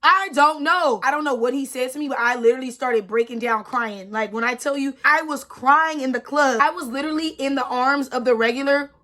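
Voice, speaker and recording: A young woman in her twenties tells a personal story in a casual storytime vlog, emphatic and repetitive and saying "like" a lot. Her high, slightly bright voice is brisk, with hardly any pauses.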